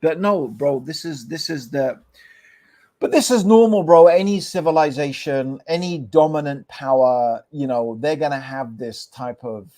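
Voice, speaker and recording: A middle-aged man co-hosting a podcast in casual chat, animated and peppering his talk with "bro" and "right?". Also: on the high side, measured pace. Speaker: podcast co-host. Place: podcast studio.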